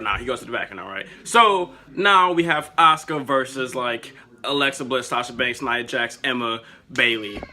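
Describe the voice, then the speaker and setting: An excitable young man chats loosely and swears freely as he rambles through his ideas. His voice is very bright and sits at a middle pitch. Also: brisk, a little hiss or hum. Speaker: wrestling vlogger. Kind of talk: casual chat.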